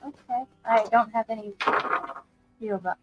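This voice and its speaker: Woman with a fairly high voice, tabletop player, methodical questions, some hesitation. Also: fairly even intonation, a little slow, dull audio, noisy background. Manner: practical, asks rule questions, hesitant fillers. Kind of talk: casual tabletop play.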